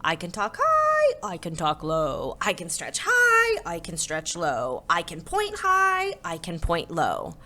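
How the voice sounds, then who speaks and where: A cheerful young boy from a storybook chatters in a bouncy, sing-song way, as a woman reader voices him. His voice leaps around with a bright, lively edge. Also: fairly low pitch, slow pace, few pauses, heavily acted.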